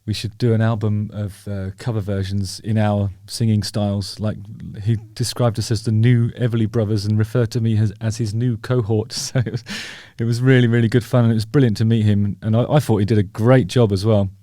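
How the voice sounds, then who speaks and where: A man's voice: lowish voice, flat delivery, fairly quick, hardly any pauses, dark tone, no room sound, clean studio sound. A man hosting his own show, chatty and wry, poking fun at himself as he rambles on. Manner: chatty, wry, self-deprecating, rambling with fillers. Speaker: host. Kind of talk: casual talking-head commentary.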